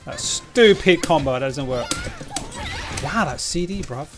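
A man's voice: fairly high pitch, expressive, unhurried, music in the background. A middle-aged man giving casual commentary while streaming a fighting game, grumbling and poking fun at himself in a slangy way. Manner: grumbling, self-mocking, slangy.

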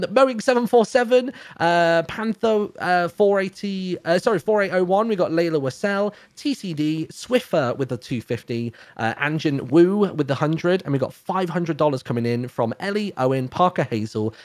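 Guy reading off donor names fast-ish, kinda high voice, dry mic, lots of uhs. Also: dry recording. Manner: brisk, reads names in long lists with fillers. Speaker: donation reader on a charity stream.

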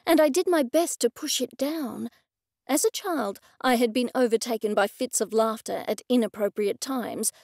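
Woman narrating with a gravelly edge. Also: on the high side, dark tone, no room sound, clean studio sound. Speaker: audiobook narrator. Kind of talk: scripted narration.

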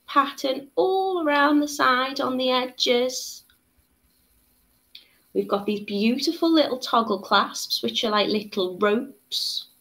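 A woman's voice: sits high, slow, fairly bright tone. A woman hosting a live beading tutorial, chatting casually and reading out viewer comments with frequent little laughs. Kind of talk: casual live-stream chat.

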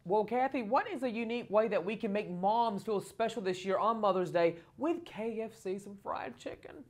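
A woman's voice: mid-range voice, moderate pace. A woman hosting an entertainment show interview, chatty and playful with her guest. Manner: chatty, playful, laughs easily. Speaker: show host.

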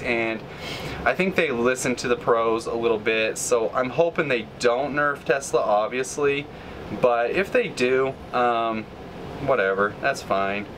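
A man hosting a gaming channel gives live gameplay commentary, ranting in frustration with sudden high outbursts and low mutters, against a noisy background.

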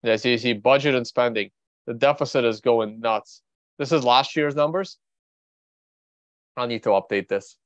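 A man's voice: medium pitch, normal speed, pauses often, no room sound. A man from Russia hosting a casual livestream of market commentary, rambling and thinking aloud in a blunt, offhand way. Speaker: trader and show host. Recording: dry, slightly dull recording.

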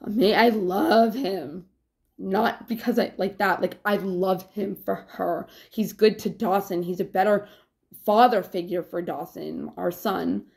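A woman's voice: medium pitch, fairly even intonation, unhurried, creaky, darkish tone. A woman vlogger talking in a rambling, casual confessional way, with plenty of fillers and swearing.

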